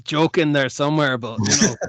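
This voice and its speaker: A man's voice: fairly high pitch, fairly quick, a bit bright, slight background noise. A man playing in a tabletop game, chatting casually and cracking jokes. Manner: jokey, rambling with fillers. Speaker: player.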